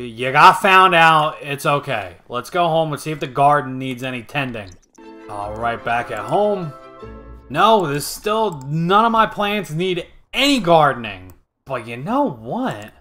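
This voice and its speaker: A young man casually commentating a life-sim game he is playing, swearing freely and getting excitable. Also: medium pitch. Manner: profane, excitable, jokey. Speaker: gaming video host.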